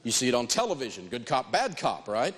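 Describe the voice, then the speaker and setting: A man giving an animated talk on negotiating, telling personal stories and repeating key phrases for emphasis. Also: medium pitch, brisk, husky, big-room sound. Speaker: financial speaker teaching negotiation.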